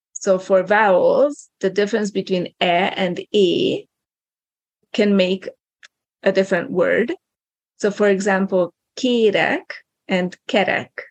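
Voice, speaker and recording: Casting: woman teacher, gravelly voice, methodical explainer, dry close sound. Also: mid-range voice, no room sound. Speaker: guest language teacher. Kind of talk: explaining pronunciation.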